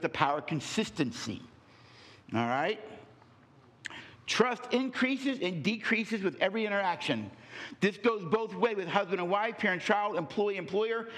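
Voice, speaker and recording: A man giving a motivational talk on relationships, telling a story with rhetorical questions and deliberate pauses. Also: sits high, fairly bright tone. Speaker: speaker on relationships.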